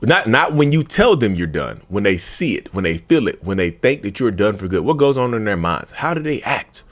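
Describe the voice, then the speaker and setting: A man hosting a casual talk video, speaking into a handheld mic while seated at home, colloquial and animated, repeating his phrases with folksy asides. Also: on the low side, normal speed. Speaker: YouTube host talking about narcissism. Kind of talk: casual direct-to-camera talk. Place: seated at home in front of a tripod camera.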